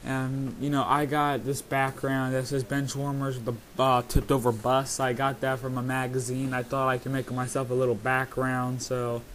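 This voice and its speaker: Flat-voiced man rambling through a commentary. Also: medium pitch, normal speed, few pauses. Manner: rambling, many hesitations and fillers. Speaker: video creator. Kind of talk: casual video commentary.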